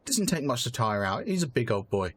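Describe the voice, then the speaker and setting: A man voicing a kindly older woman shopkeeper who fusses and dotes gently. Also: mid-range voice, big pitch swings, fairly quick, breathy edge, voice pushed down. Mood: doting. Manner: doting, fussing, gentle.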